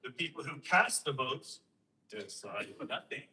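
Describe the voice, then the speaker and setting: A man talking to a host, explaining and telling a story with emphatic rhetorical questions and lively quoted voices. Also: medium pitch, unhurried, recorded from a distance, rough recording. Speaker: guest speaker on election systems.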